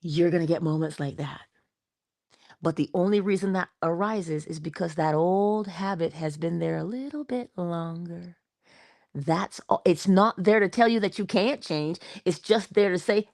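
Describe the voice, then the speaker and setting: A woman's voice: mid-range voice, expressive, moderate pace, darkish tone. A woman giving a morning inspirational talk, coaching her listener in a conversational, playful way. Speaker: motivational speaker.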